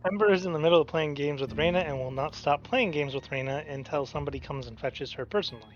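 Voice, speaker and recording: A game master narrating a tabletop game in a calm, matter-of-fact way. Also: mid-range voice, fast talker, dull audio, a little hiss or hum.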